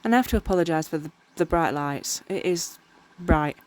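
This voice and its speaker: A woman's voice: on the low side, normal speed, a little mellow. A tired woman chatting casually while crafting, rambling and often tripping over her words. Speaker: miniature crafter. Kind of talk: casual crafting vlog narration.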